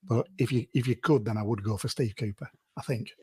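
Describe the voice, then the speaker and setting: A man's voice: medium pitch, brisk, a little mellow, slightly rough, dry recording. A man co-hosting a casual football podcast, making brief laid-back remarks.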